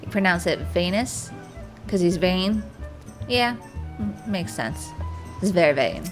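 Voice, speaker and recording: A woman's voice: lowish voice, expressive, a little slow, soft background music. Woman streamer making playful asides. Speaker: game streamer. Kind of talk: casual chat.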